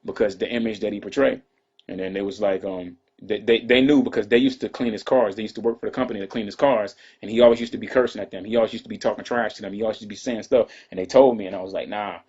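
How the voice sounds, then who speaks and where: A man tells a personal story in a quick, laid-back way, often asking if you follow him. His voice is husky and slightly rough. The recording sounds dull and lo-fi. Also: fairly low pitch, steady tone, a little mellow. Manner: laid-back, repeats "you know what I'm saying". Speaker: interview guest. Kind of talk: casual storytelling. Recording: dull lo-fi audio.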